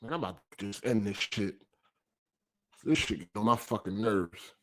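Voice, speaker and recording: A man's voice: on the low side, normal speed, background noise. A man hosting a livestreamed gaming podcast, ranting with heavy profanity and reading viewer super chats aloud. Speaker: podcast host.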